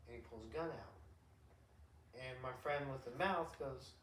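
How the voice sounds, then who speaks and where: A middle-aged man hosting a podcast, an animated storyteller who rambles, restarts and laughs often in casual chat. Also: medium pitch, normal speed, a little hiss or hum. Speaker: podcast host. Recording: roomy echo, distant mic.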